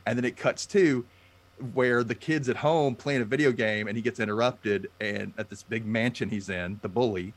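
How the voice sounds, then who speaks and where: A man in casual chat, excitable and leaning on "you know" as he talks. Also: lowish voice, normal speed.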